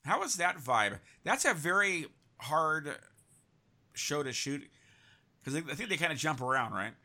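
Male host, casual interview, rambling, restarts, bright tense voice. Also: a little high, very animated, measured pace. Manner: rambling, many restarts and fillers.

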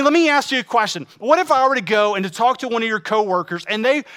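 A pastor preaching to his congregation in a high, bright voice. He fires off rhetorical questions and swings from loud, emphatic lines to hushed, close asides. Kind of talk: sermon.

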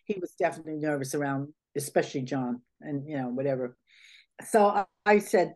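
A woman's voice: sits low, fairly quick. A woman being interviewed, telling stories casually with plenty of laughs and quoted dialogue. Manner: animated, laughs often, acts out quoted dialogue. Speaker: interview guest. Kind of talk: casual anecdotal storytelling.

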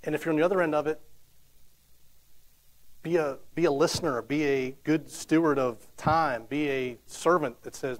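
A man's voice: a little high, moderate pace, poor audio. A man in his thirties giving a casual, conversational sermon, telling stories with frequent restarts and fillers. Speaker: preacher.

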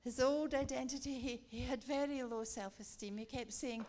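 A woman preaching a sermon, telling a lively story and acting it out with laughter. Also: on the high side, moderate pace. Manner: animated, acts out the story with laughter.

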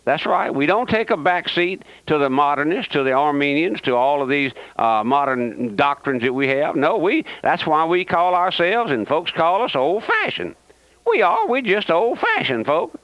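A man's voice: a little high, sing-song, normal speed, no room sound. A man with a Southern US accent, preaching a radio sermon in an emphatic, repetitive way with many asides. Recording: dull lo-fi radio broadcast.

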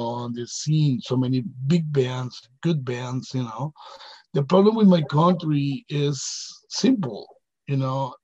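A man in his fifties speaks in English with a strong Venezuelan Spanish accent. He sounds relaxed in casual conversation and keeps adding "you know." The sound is dull and lo-fi, with very little room. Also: mid-range voice, no echo. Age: 50s. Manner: relaxed, laughs easily, fills with "you know". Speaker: guest. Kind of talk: casual interview chat.

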